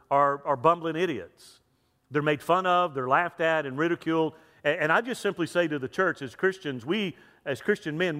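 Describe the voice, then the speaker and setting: A man's voice: fairly high pitch, pushed and bright. A male pastor giving a chatty sermon, repeating words and putting questions to the congregation. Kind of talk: sermon with jokes and a story. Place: church sanctuary. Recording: long reverb of a large hall.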